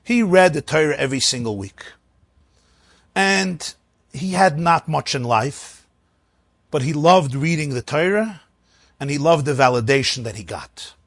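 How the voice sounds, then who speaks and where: A man telling an animated religious story, acting out the people in it. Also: on the high side, unhurried, long pauses, no room sound. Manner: animated, acts out the characters.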